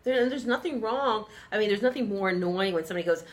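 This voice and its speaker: A middle-aged woman co-hosting a business show, playful and quick to react. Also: medium pitch, animated. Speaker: co-host. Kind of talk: casual chat.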